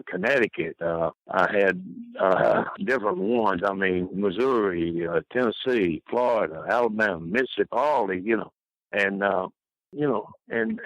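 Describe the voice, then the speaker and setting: An older man rambling through a folksy anecdote as an interview guest, his voice bright and forceful. He laughs at his own stories, and the sound is dry and close. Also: mid-range voice, no room sound, low-quality recording.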